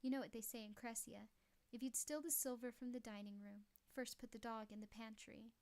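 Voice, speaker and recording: A woman's voice: a little high, fairly even intonation, a little fast, darkish tone, close to an everyday voice. A woman reading as a sly drawling old gunman. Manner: sly, mocking hick drawl. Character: cunning drawling older male gunman.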